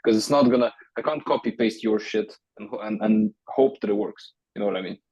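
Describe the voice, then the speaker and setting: A man's voice: fairly low pitch, brisk, darkish tone, dull audio. A man on a coaching video call, laid-back and casual, mostly giving short replies and asking questions, now and then swearing. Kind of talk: casual chat.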